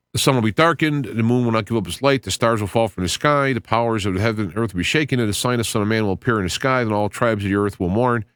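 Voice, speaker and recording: A podcast host talks casually and earnestly about scripture, rambling, restarting phrases and reading passages aloud, his pitch jumping suddenly when he gets excited. The recording is dry and the tone clean.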